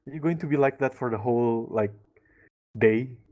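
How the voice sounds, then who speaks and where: A man co-hosting a live reaction to an animated series, in casual chat, laughing often. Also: medium pitch, normal speed. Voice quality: laughs often, chatty and playful.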